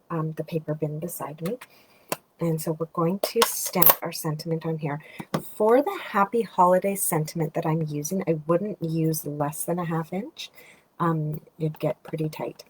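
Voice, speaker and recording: A woman with a lowish voice walks through a card-making project in a relaxed, chatty way, talking to herself as she trims and ties. Now and then she sinks into a quiet murmur. A faint hiss runs under her voice. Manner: chatty, thinking aloud while working, drifts into soft murmurs. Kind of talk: casual craft tutorial narration.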